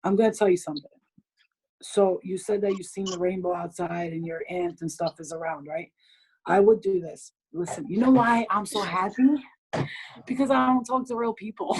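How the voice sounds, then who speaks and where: A woman's voice: medium pitch, darkish tone, slightly rough, low-quality recording. A woman hosting a group video call, giving blunt advice in casual chat, swearing freely and laughing often.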